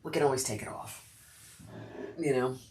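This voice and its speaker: A woman's voice: rumbling low, fairly even intonation, moderate pace, darkish tone, breathy edge. Lady sewing on a livestream, chatty, talks back to the comments, middle-aged. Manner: chatty, reads and answers viewer comments. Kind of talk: casual livestream chat while sewing.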